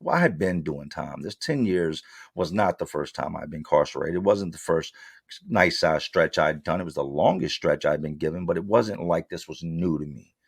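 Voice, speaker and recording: A man's voice: extremely low pitch, animated, normal speed, vocal fry, slightly rough, no echo, clean studio sound. A man being interviewed, telling his story bluntly in street slang and acting out his past exchanges. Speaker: interview guest. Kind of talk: candid storytelling.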